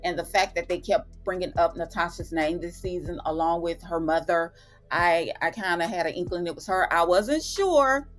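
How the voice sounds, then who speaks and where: A woman with a fairly low-pitched voice hosts her own channel, chatting through a television recap. She retells scenes with relish and drops slangy asides along the way. Soft music sits faintly underneath. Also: normal speed. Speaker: TV and film review channel host. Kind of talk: casual episode recap.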